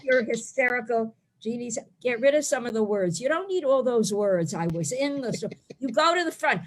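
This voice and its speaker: Animated and moderately paced, her voice runs on the high side as she delivers a video-call stand-up set. She's a comic from the Bronx in her forties, brash and blunt, rambling from one story to the next.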